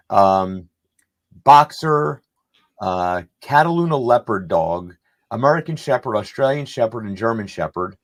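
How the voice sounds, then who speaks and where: A middle-aged man's voice, low and gravelly, with a rough fry. He rambles through a long personal story on a podcast, doubling back on himself and acting out what others said. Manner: rambling, anecdotal, acts out quoted dialogue. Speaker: podcast panelist. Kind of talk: casual storytelling.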